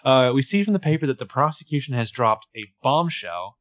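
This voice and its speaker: A man's voice: medium pitch, very animated, brisk, a bit bright. A man co-hosting a podcast, chatting casually through a TV episode recap with playful asides. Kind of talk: casual chat.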